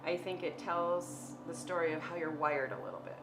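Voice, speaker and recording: A woman with a very low voice explains her view in an interview at a steady, measured pace. The room rings noticeably around her, and clear ambient noise runs behind. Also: reverberant.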